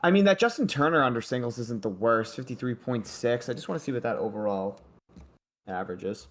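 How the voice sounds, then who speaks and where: A man's voice: mid-range voice, expressive, brisk. A young man hosting a sports betting livestream, chatting loosely and joking with his co-host and the chat.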